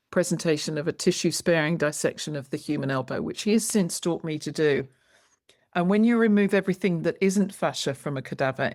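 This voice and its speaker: Brief: woman educator as podcast guest, somewhat low voice, lively storyteller. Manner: lively, expressive, acts out quoted lines. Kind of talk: animated storytelling in conversation.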